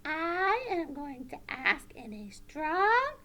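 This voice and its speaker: A woman voicing a cheerful, polite little boy puppet for children, high and squealing, asking slowly and carefully. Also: big pitch swings, bright, forceful tone, heavily acted.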